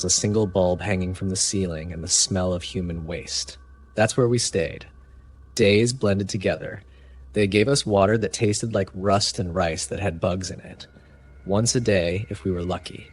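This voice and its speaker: Low voiced guy reading a scary story, slow and grim. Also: slight background noise. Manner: grave, measured storytelling. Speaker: narrator. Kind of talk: scripted first-person horror narration.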